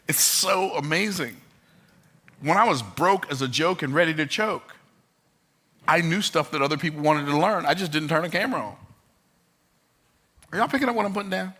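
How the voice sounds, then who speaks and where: A man's voice: fairly high pitch, expressive, normal speed, long pauses, bright, forceful tone. A man giving a motivational talk, emphatic and joking, repeating his key phrases for effect. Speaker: motivational speaker.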